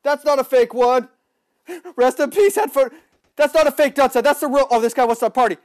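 A young man giving excitable live commentary on a shooter game, often yelling at opponents. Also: very high-pitched, fairly quick, clear, resonant tone, dry recording, clean studio sound. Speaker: livestreaming gamer.

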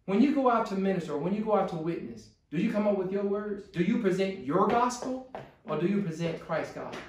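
A man's voice: sits high, distant mic. A man preaching a sermon as pastor to his congregation, building to pleading intensity. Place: church sanctuary. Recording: echoey church room.

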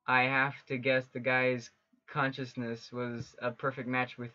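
A man's voice: medium pitch, flat delivery, unhurried, bright, forceful tone. A man reading a stern, bossy young friend. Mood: firm. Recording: dull lo-fi with faint game music.

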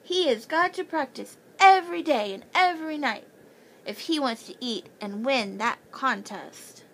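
A contrary schoolboy who coaches his friend and loves to argue, as a woman reading a storybook puts him on. He speaks loudly and slowly, pitched a little high. A faint hiss sits behind him. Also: lively intonation, heavily acted. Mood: pushy. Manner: pushy and contrary.

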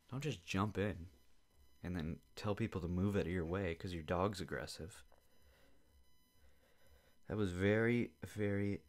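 Unhurried and frequently pausing, this young man's fairly low voice carries a rambling, profane rant. He's a podcast host recording from his home basement, sounding casually irritated.

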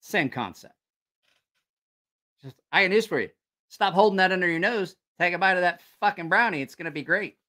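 A man's voice: sits high, lively intonation, fairly quick, pauses often, bright, forceful tone. A man hosting a casual livestream, telling rambling, profane stories and reacting to viewer comments. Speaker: channel host.

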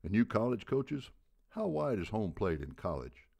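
A man with a very deep voice playing a gruff, blunt baseball coach in his seventies who barks out rhetorical questions. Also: big pitch swings, normal speed, a little mellow, exaggerated voice. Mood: barking. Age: 70s. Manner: barking, booming rhetorical questions.

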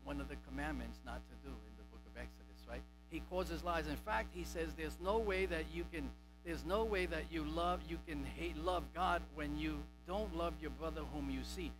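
Man, pastor, sermon, emphatic, repeats key words, raised pitch, music playing behind. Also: rough recording. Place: church sanctuary.

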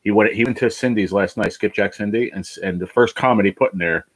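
A man's voice: lowish voice, fast, husky, dry recording, poor audio. A man hosting a casual livestream chat, worn down by illness, rambling and swearing as he vents his frustrations. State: ill, worn down. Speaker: livestream host.

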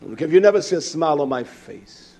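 A man with a high voice preaching a fiery sermon. He drops to low mutters, then climbs into loud, impassioned outbursts. His delivery is full of emphatic repetition. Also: animated, a little fast, husky. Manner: impassioned, shifts between low mutters and shouts; acts out bickering voices in his stories.

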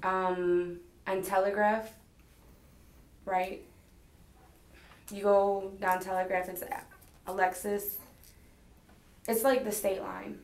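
A young woman answering police questions as a witness. She rambles through events, acting out past conversations and hedging on dates. Her voice sits at a middle pitch, and the recording has the echo of a bare interview room. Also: level tone, slow, pauses often. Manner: hesitant about dates and details.

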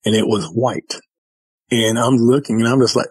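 Speaking at a normal speed, a man with a mid-range, slightly mellow voice and a breathy edge appears as a guest, casually retelling a story vividly and quoting people's dialogue. The recording is rough but has no room sound.

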